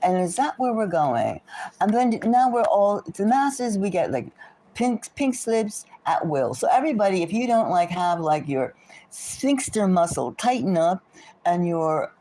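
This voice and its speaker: Woman, tarot channel host, rambling rant, indignant, emphatic rhetorical questions, very animated pitch. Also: measured pace. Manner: rambling with frequent restarts and asides. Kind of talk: rambling political commentary to camera.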